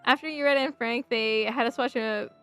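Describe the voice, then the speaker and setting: A woman's voice: fairly high pitch, steady tone, moderate pace, sharp tone, clear, resonant tone, soft background music. A young American woman streaming a game, chatting in a rambling way, answering chat messages aloud and laughing often. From United States.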